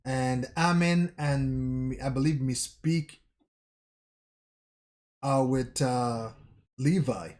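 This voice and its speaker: A man talks through a manga chapter in an unhurried, casual vlog recap. His voice sits at an ordinary middle pitch. He tells the scenes haltingly, pausing and correcting himself along the way. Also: a little mellow. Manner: recounts scenes haltingly, with pauses and self-corrections. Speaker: manga vlogger.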